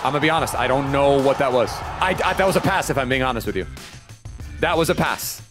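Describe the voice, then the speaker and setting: A young man giving lively, excitable commentary as he plays a football video game, talking straight to his viewers and venting when things go wrong. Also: mid-range voice, quick pace, over music. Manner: animated, talks to viewers, frustrated outbursts. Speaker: gaming YouTuber.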